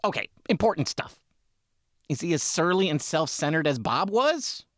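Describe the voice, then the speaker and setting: A man's voice: fairly high pitch, sing-song, normal speed, a bit bright, dry recording, studio quality. A man co-hosting a comedic sports podcast, bantering with exasperated, rambling reactions. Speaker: podcast co-host.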